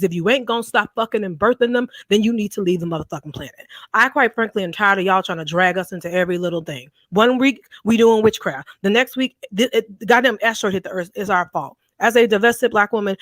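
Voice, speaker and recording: Woman guest caller, forceful preachy commentary, dry recording. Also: medium pitch, fairly quick, hardly any pauses, dry recording. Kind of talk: heated commentary.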